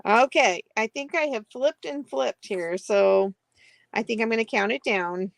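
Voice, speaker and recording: A woman's voice: a little high, gravelly. A woman co-hosting a live craft sale, giggly and chatty, counting down the bids. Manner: giggly, slow and warm, counts down auctions. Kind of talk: casual live-stream chat.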